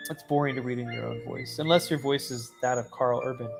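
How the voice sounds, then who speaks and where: A woman's voice: rumbling low, fairly even intonation, a little fast, vocal fry, over music. A woman hosting a casual game playthrough, giggly, self-mocking and chatty. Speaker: host. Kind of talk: casual let's play commentary.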